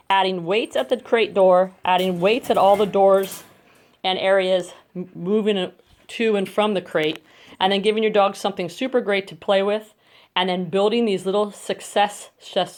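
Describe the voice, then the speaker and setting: A woman dog trainer explaining crate training step by step at home, switching to coaxing praise for her dogs, recorded on a phone. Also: medium pitch. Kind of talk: instructional demonstration. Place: home bedroom, indoors. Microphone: phone camera.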